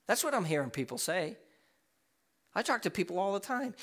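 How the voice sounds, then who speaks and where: Impassioned preaching man with bright voice. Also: sing-song, fairly quick, pauses often. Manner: impassioned, swings from loud and high to low and quiet; repeats words and restarts when emphatic. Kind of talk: sermon.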